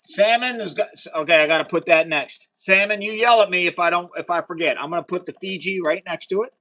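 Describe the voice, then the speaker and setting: A man hosting a casual livestream of chemistry experiments. He chats with viewers and cheers loudly when a result goes his way. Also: high-pitched, a little fast, a little hiss or hum, low-quality recording. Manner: chatty and excitable, talks to viewers, cheers at results. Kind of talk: casual live science demo.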